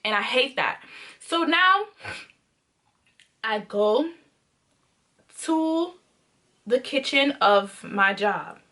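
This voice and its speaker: A woman's voice: a little high, lively intonation, drawn-out words, long pauses, bright, forceful tone. A young woman telling a storytime vlog, dramatic and emphatic, acting out scenes and swearing freely in slangy casual talk. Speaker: storytime vlogger.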